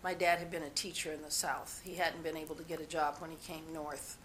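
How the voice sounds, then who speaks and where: This interviewee's voice is low and fairly bright with little pitch movement, and she talks briskly. She relates personal stories in a candid, rambling way, often starting sentences over, with a little hiss or hum in the background.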